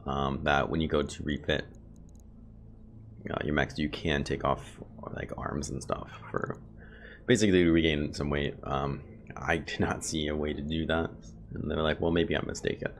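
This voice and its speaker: Very deep gravelly man gaming. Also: fairly even intonation, moderate pace, a little hiss or hum. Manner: chatty, thinks aloud, talks to chat viewers. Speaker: gameplay video host. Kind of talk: casual let's play commentary. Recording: game music playing behind.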